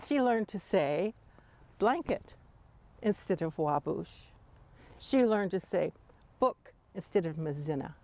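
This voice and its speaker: An older woman telling a family story to her grandchildren in a measured, tender way. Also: on the low side, warm tone.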